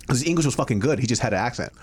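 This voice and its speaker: A man's voice: mid-range voice, lively intonation, slightly rough. A man co-hosting a food vlog, chatting casually and joking at his own expense. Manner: joking, self-mocking, quick to laugh. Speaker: vlog co-host. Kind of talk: casual chat while eating.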